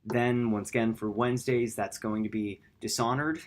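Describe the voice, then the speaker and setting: A man's voice: steady tone, normal speed. A man hosting a gaming channel, talking through his upload plans in a rambling, self-correcting late-night vlog. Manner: quiet, low-key.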